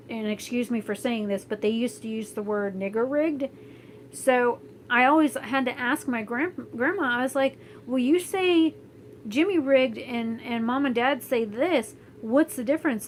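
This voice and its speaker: With a voice on the high side, a young Florida vlogger rambles to camera at home, doing her hair and reading live chat. She speaks bluntly, full of fillers and restarts, and the rough recording has a little hiss or hum.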